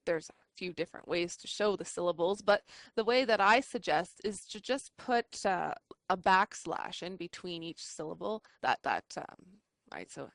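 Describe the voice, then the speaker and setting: A woman's voice: medium pitch, a bit bright, no room sound. A woman teaching an adult English class, explaining step by step in a patient way with frequent ums and restarts. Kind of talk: recorded online class lesson. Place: classroom with online students.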